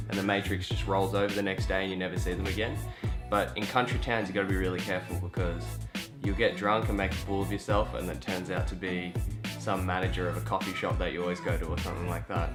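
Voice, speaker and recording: A young Australian man with an Australian accent who talks to camera in a chatty, rambling way and swears freely. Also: lowish voice. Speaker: vlogger. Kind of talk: casual vlog monologue.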